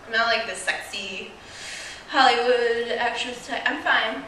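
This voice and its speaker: A woman's voice: on the high side, a little slow, bright, forceful tone, slight background noise. A young woman doing a stand-up comedy set, chatty and self-mocking, laughing at her own jokes. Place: small live venue with audience. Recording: roomy, distant mic with faint ambience.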